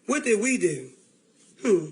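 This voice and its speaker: A woman's voice: medium pitch, sing-song, unhurried, background noise. A woman talking on a livestream, close to tears, pleading and repeating herself. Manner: pleading, repetitive. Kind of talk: emotional livestream talk.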